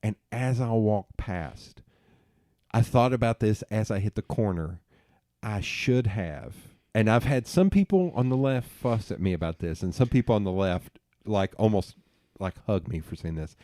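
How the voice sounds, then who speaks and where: A middle-aged man, hosting a podcast and telling animated stories with plenty of swearing and laughter at himself. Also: fairly low pitch, moderate pace, no room sound, clean studio sound. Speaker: podcast host. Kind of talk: casual storytelling chat.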